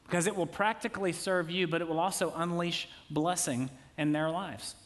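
A man's voice: fairly high pitch, steady tone, moderate pace, fairly bright tone. A man in his thirties preaching a sermon as a pastor, talking in a conversational way with jokey asides.

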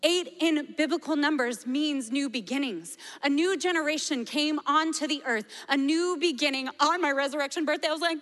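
A woman in her forties giving a passionate sermon testimony and prayer, at times dropping to a hushed voice. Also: high-pitched, fairly quick, few pauses. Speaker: preacher. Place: large church hall. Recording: reverberant hall with soft music. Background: soft music.

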